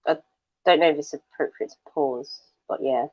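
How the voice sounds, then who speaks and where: A woman's voice: deep voice, moderate pace, lo-fi sound, heavy background noise. A woman talking casually in a group chat, nerdy and chatty, swearing now and then.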